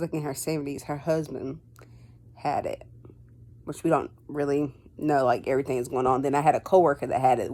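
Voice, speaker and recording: A woman vlogger telling a personal story in a casual, rambling way. She fills her talk with "like" and "um" and acts out conversations in quotes. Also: low voice. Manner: rambling, heavy on fillers like "like" and "um".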